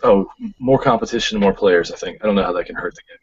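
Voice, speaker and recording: A man co-hosting an online interview, who asks casual, quick questions. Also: low-pitched, breathy edge. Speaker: co-host. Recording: dull dry online call audio.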